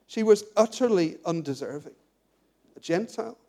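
Preacher, male, high voice, animated sermon delivery. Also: fairly quick. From England. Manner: animated, repeats words, emphatic lists.

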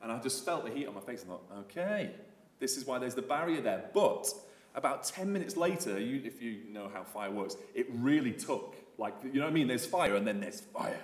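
A man's voice: mid-range voice, a little fast. Man preaching in an echoey hall. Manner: animated, conversational with frequent fillers and restarts. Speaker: visiting preacher. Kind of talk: sermon.

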